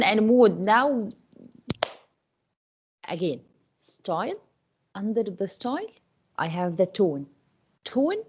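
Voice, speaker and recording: A woman's voice: medium pitch, a little mellow, slightly rough, lo-fi sound. A woman English teacher teaches an online class, repeating questions to her students with many fillers and restarts.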